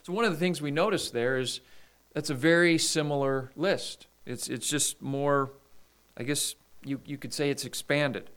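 A man preaching a sermon, reading scripture aloud and explaining it in a measured way. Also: fairly high pitch, a bit bright, smooth. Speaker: pastor.

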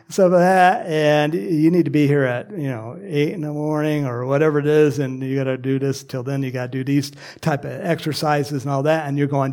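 A man preaching to his congregation in a fairly high voice. He is animated and emphatic, and he breaks off to tease people in the pews. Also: normal speed. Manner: animated, joking asides with the congregation. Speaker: pastor. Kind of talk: sermon.

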